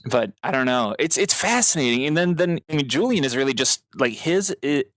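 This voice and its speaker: A man co-hosting a podcast in casual chat, excitable, laughing often and slipping into quick voice impressions. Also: mid-range voice, dry recording. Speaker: podcast co-host.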